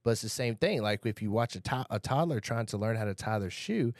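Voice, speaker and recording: A man's voice: on the low side, brisk, no room sound, studio quality. A man talking casually on a podcast, telling stories about sales training and acting out quotes. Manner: relaxed storytelling, acts out quotes, swears casually. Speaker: podcast guest, sales coach. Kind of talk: casual chat.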